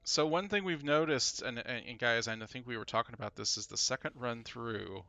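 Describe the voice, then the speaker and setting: A man's voice: mid-range voice, normal speed, creaky, pushed and bright, no echo. A man co-hosting a live game-stream podcast, telling casual stories with frequent chuckles and fillers. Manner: chatty storyteller, chuckles often, many fillers. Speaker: podcast co-host.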